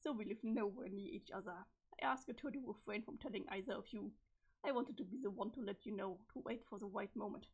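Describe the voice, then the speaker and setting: A woman reading the part of a calm, cryptic teenage boy from the future in a webcomic, in a flat, measured delivery with a strained voice. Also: medium pitch, breathy edge. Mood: deadpan. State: strained, failing voice. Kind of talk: reading a webcomic's chat logs aloud.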